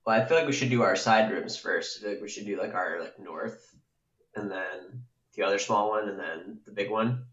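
A man's voice: on the low side, moderate pace, a bit bright. A man playing in a tabletop game, casual and joking, often laughing. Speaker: player. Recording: roomy, dull lo-fi sound.

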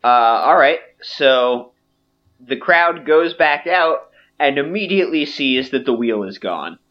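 A man acts as game master for a tabletop game, narrating at a slow, unhurried pace. He pauses often and laughs between lines. The recording sounds dull and lo-fi. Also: medium pitch, lively intonation.

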